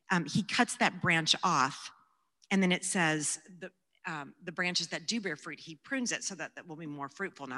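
A woman giving a personal testimony and Bible teaching, talking earnestly and conversationally and sometimes dropping to a hush. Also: sits low. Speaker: Christian speaker teaching the Bible. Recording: long hall reverb.

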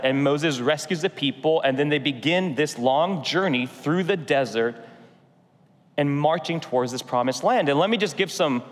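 A man preaching in an earnest, conversational way. He slows down for emphatic repeats. His voice sits a bit high for a man, and a long reverb from the church hall trails behind each phrase. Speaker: pastor. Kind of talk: sermon. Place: church sanctuary.

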